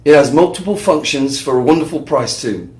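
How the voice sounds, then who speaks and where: A man's voice: on the high side, lively intonation, brisk, darkish tone, reverberant, lightly acted. A man putting on a posh British accent to read out a product review in the voice of a surprised male reviewer. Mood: posh surprise. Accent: British, put on. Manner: exaggerated upper-class delivery.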